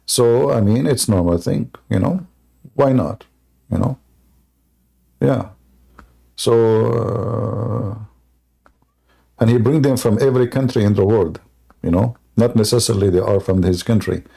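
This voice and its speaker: Man, debate host, dark gravelly voice, mocking and jokey, non-native English. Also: fairly low pitch, measured pace, long pauses. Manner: sarcastic, joking, laughs at his own jokes. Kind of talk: mocking live debate monologue.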